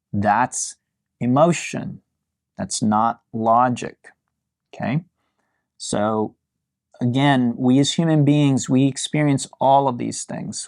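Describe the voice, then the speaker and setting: Gravelly-voiced male yoga teacher. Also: mid-range voice, no echo, clean studio sound. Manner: relaxed, musing, lightly amused, mimics voices in quotes. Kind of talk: talking to a class during yin yoga.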